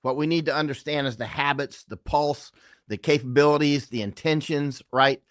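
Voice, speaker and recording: Man, middle-aged, interview guest, rambling, emphatic, tag questions, slightly high voice, dry close sound. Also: fairly even intonation, moderate pace, no room sound. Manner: rambling, keeps asking "right?". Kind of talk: conversational interview talk.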